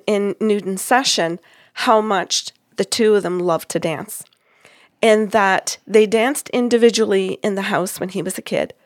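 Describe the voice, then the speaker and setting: Woman retelling a reading, animated and dry. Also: medium pitch, creaky, dry recording. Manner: animated retelling, acting out quoted lines with laughs. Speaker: psychic medium recounting a reading. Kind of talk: storytelling in casual chat.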